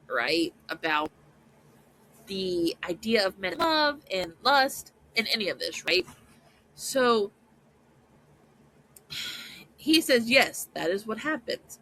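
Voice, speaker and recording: A woman's voice: on the high side, sharp tone, rough recording. A woman podcast host recapping a story in casual commentary, chatty and often checking in with "right?".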